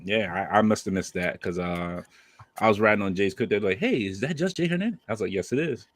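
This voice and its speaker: A man's voice: fairly low pitch, animated, fast. A man co-hosting a podcast in casual chat, joking around and laughing often. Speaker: podcast co-host.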